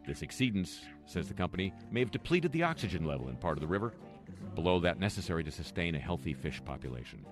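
Host, male, very low voice, sardonic news commentary with dry asides, music underneath. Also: sing-song, fast talker. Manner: dry, sarcastic asides between read-out news items. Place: home near a lake, voice-over.

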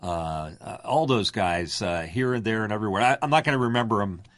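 An older man who works as a radio announcer and voiceover artist, from Delaware, talking in a deep, resonant announcer voice with lots of fillers. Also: a little fast, a bit bright, no room sound. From Delaware, USA. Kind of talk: casual interview.

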